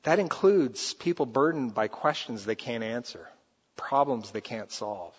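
A man's voice: unhurried, breathy edge. Man preaching in an echoing hall. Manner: animated, rises high and loud for acted quotes, drops soft for scripture. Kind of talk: sermon. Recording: dull sound with long hall reverb.

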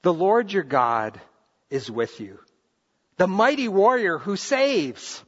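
Middle-aged male pastor, bright high delivery, animated and earnest, dull recording in a reverberant hall. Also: slow pace, slightly rough. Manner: earnest, animated preaching with repeated restarts. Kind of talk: sermon. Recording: reverberant hall, muffled lo-fi sound.

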